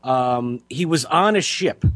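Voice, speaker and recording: A man's voice: medium pitch, lively intonation, fairly bright tone, no echo. Male show host, casual storyteller, stumbles over words, dry studio sound. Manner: halting, repeats words, many fillers.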